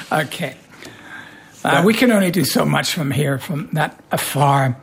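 Hoarse lady radio host, lowish husky voice, teasing and playful, punches words hard. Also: moderate pace. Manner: playful, teasing, animated emphasis. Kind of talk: casual radio chat.

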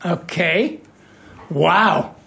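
A woman with a hoarse voice hosting a casual radio chat, playful and teasing, with animated emphasis. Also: on the low side, drawn-out words. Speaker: radio host.

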